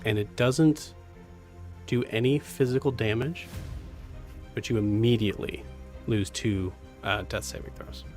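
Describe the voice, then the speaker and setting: A young man running a tabletop game as game master, narrating with many halting fillers. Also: medium pitch, a little mellow, faint music behind.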